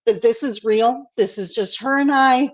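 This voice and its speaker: A woman's voice: fairly high pitch, normal speed, rough recording. A woman co-hosting a podcast over a video call, talking candidly and laughing at herself. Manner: laughing, candid, self-mocking. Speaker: podcast co-host.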